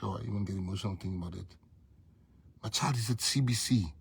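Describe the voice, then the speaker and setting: Very husky South African man, storytelling. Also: lowish voice, fast talker. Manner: emphatic, repeats lines for effect. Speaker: party leader. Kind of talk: storytelling speech.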